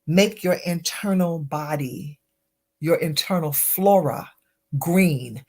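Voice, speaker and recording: A middle-aged woman hosting a live health chat, talking casually with frequent laughs and sudden high exclamations. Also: takes it slowly, a little mellow. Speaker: host answering viewer questions.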